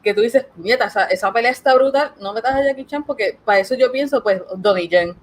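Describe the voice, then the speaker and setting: A woman with a somewhat high voice who talks very fast, hopping between Spanish and English in casual podcast chat. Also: poor audio. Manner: rapid code-switching between Spanish and English.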